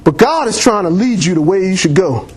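A man's voice: sits high, expressive, fairly quick. A man preaching a sermon in church, reading scripture and calling on the congregation for amens, laughing often.

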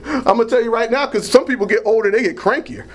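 A man's voice: extremely high pitch, fast talker, a loud crowd. An older man preaching a sermon, with fervent call-and-response and frequent cries of praise. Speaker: pastor.

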